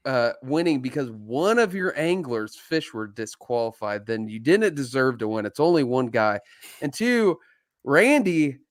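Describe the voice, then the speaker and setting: Man, podcast co-host, casual joking chat, laughs a lot, medium pitch. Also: dry recording, clean studio sound. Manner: joking, laughs often, many fillers.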